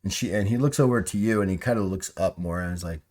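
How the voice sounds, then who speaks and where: A man's voice: low-pitched, fast, darkish tone. A man narrating a tabletop game as game master, rambling with many fillers and restarts.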